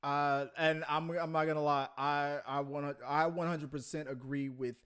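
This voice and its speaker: A man's voice: fairly high pitch, flat delivery, normal speed, a bit bright, clear, resonant tone. Rambling man co-hosting a movie chat. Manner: rambling, many fillers and restarts. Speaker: podcast co-host. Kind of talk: casual movie news chat.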